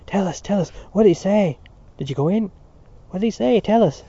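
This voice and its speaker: A man voicing a crowd of excited schoolboys, clamoring with a raised voice. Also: high-pitched, a little fast, husky, voice pushed up, full character voice. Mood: eager. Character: crowd of eager young schoolboys. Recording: dull lo-fi recording.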